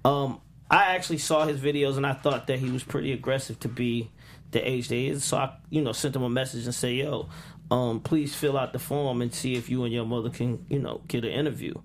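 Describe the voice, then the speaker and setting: A man in his forties, a guest in a studio interview, talking in a loose, relaxed way with plenty of fillers and restarts. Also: medium pitch, brisk, slight background noise. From United States. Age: 40s. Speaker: interview guest, music producer. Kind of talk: casual interview chat. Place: radio studio.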